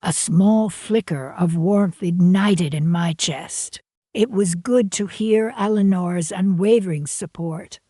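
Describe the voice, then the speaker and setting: A woman narrating a family drama in the first person, measured and dramatic. Her voice sits a little low and moves at a slow, deliberate pace. The recording is dry and close, with no room sound. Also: dark tone, dry recording.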